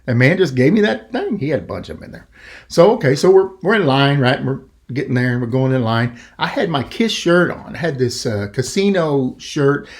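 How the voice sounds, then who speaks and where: A middle-aged man hosting a podcast, telling a story in a rambling, animated way and acting out the quoted voices. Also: medium pitch, a little fast. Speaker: podcast host. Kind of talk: casual storytelling.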